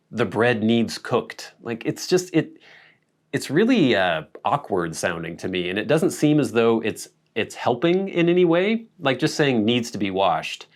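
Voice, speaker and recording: A man from the Pacific Northwest, hosting his own channel and chatting casually, musing aloud with small laughs and self-corrections. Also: fairly low pitch. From Pacific Northwest, USA. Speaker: channel host. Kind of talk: casual vlog chat to camera.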